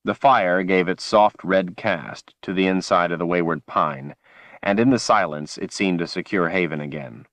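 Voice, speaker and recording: A man narrating a fantasy audiobook with a measured, dramatic delivery. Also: sits low, fairly bright tone, no room sound.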